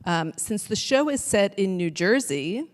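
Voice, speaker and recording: A woman moderating a panel interview on stage, asking relaxed questions and reading out audience questions. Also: medium pitch, unhurried. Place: stage panel in a large auditorium. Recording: long hall reverb from a live stage.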